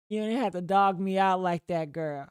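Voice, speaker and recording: A woman hosting a livestream, chatting casually with her viewers in a profane, gossipy way with sudden loud outbursts. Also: fairly low pitch, clean tone, dry recording, clean studio sound. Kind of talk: casual gossip commentary to a live chat.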